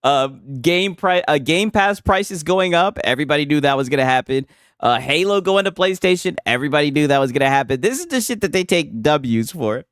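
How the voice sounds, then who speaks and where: A man teases and mocks in a sarcastic, amused tone. His higher-pitched voice moves in a lively way. The sound is dry and close to the mic. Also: fairly quick, smooth, no echo. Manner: teasing, sarcastic, laughs at the other speaker. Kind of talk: mocking commentary.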